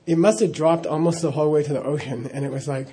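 A man's voice: fairly high pitch, fast, warm tone. A middle-aged man telling a personal story in a casual, rambling way, with frequent chuckles and "you know" asides. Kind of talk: casual spoken anecdote.

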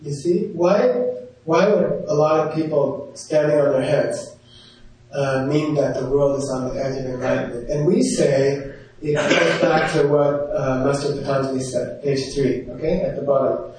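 A man's voice: medium pitch, steady tone, moderate pace, a little mellow, slight background noise. A man teaching a class, telling a story in a chatty way full of "you know" asides. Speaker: yoga teacher. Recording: echoey room heard from a distance.

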